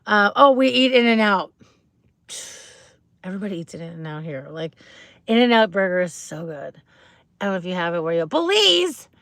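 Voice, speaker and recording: A woman's voice: mid-range voice, a bit bright, no echo. A woman hosting a casual livestream, chatting bubbly and rambling with viewers, greeting them and asking questions. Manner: rambling, with many fillers and restarts. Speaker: livestream host.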